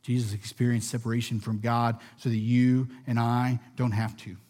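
A man preaching a sermon in a room with listeners, earnest and measured, often dropping softly at the ends of phrases. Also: medium pitch, little pitch movement. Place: room with a gathered audience.

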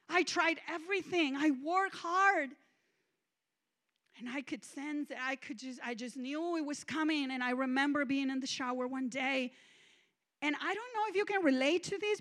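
A woman minister giving an emphatic, confessional testimonial sermon, swinging between loud declarations and hushed moments. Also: sits high. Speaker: guest minister.

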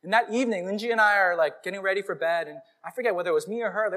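A male pastor giving a conversational, animated sermon to his congregation. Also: high-pitched, racing, hardly any pauses.

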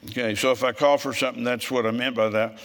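A man preaching a sermon in a church, telling folksy stories in a frisky, forceful way. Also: mid-range voice, steady tone, fast, in a large hall.

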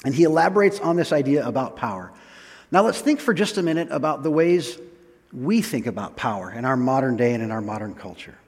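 A man preaching a sermon. He reads scripture slowly, then explains it in a relaxed, chatty way with small laughs. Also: medium pitch, long reverb tail.

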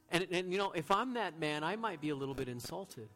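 A man preaching a sermon as a pastor, earnest, moving from loud emphatic lines to quiet, hushed ones. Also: a little high, expressive, brisk, soft background music.

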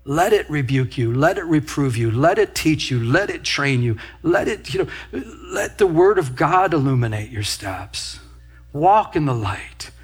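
Pastor, male, husky and fairly high-pitched, preaching in a storytelling manner with asides. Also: expressive, unhurried. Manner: storytelling with quoted asides and laughter. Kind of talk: sermon.

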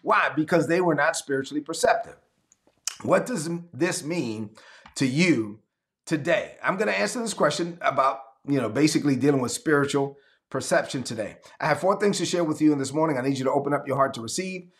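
A man's voice: a little high, brisk. Fervent man preaching a sermon. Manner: declaring, call-and-response preaching. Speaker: pastor. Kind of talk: livestreamed sermon.

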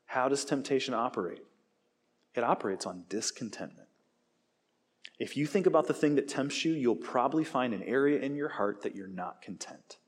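A man's voice: medium pitch, moderate pace. A man in his forties preaching a sermon, telling stories with humor and acting out the voices of tempters and skeptics. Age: 40s. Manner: animated storytelling, acts out quoted voices, self-deprecating jokes.

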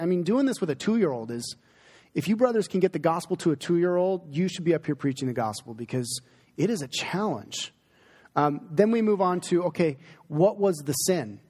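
Middle-aged male pastor, earnest and conversational, slightly higher voice, church hall reverb. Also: a little mellow. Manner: earnest, conversational, emotional in places. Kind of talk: sermon Q&A with congregation. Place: church sanctuary.

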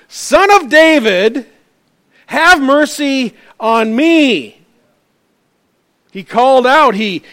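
A man preaching a sermon in an earnest way, often restarting his phrases. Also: high-pitched. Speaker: pastor.

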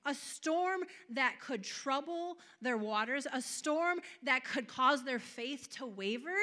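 Woman preaching a sermon, bright and a bit high-pitched, gets loud and emphatic at the big moments. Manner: passionate, building to raised emphatic peaks.

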